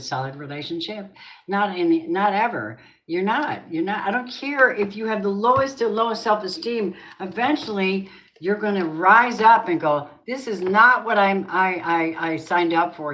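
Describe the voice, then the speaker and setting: A woman's voice: low-pitched, slight background noise, low-quality recording. A woman reading tarot cards for her viewers in a casual, emphatic way, talking to them directly and swearing now and then. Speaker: tarot reader.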